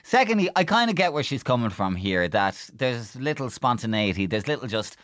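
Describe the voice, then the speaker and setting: Male podcast host, casual advice-giver, animated pitch. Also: brisk, no room sound, clean studio sound. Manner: leads the segment, gives even-handed advice. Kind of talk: casual chat.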